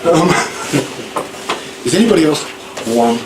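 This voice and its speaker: A man's voice: a little high, lively intonation, slow. Guy rambling through a classroom lesson, chatty, echoey room w/ lots of noise. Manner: rambling, conversational, asks the class questions. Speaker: ESL teacher. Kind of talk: classroom lecture. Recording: echoey room, distant mic, noisy.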